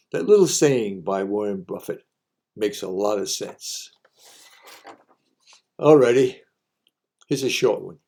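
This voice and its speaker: A man's voice: fairly low pitch, lively intonation, measured pace, pauses often, warm tone. A man hosting a folksy monologue of homespun advice, repeating each saying for emphasis. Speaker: host sharing sayings.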